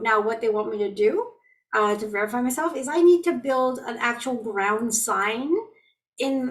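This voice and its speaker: A middle-aged woman leading an online group healing call, chatting about everyday frustrations in a gently reassuring, anecdotal way. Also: mid-range voice. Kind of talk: casual spiritual talk to a group. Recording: voice distant from the mic.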